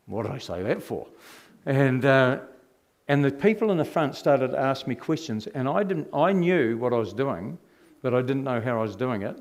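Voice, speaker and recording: A man's voice: medium pitch, normal speed. Middle-aged New man telling his testimony. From New Zealand. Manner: animated, rhetorical questions to the audience. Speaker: speaker giving his testimony. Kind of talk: personal testimony storytelling.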